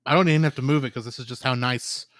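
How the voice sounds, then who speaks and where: A man co-hosting a podcast, calmly and analytically talking through a film's story in casual chat. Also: mid-range voice, racing, dry recording, clean studio sound. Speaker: podcast co-host. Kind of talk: casual film review chat.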